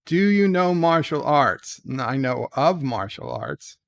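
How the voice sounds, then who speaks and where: A man hosting his show in casual chat, reading quiz questions aloud and answering with dry, deadpan humor. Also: unhurried, gravelly, dry recording. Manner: reads questions brightly, answers low and mumbled. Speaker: show host. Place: at home.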